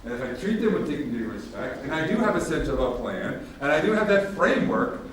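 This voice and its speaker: A man gives a workshop talk, telling stories casually and acting out the dialogue with lively emphasis. He sounds far from the microphone in a very echoey hall. Faint ambient noise runs underneath. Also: fairly high pitch, quick pace. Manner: casual, animated, acts out dialogue. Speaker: workshop presenter. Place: large room with audience.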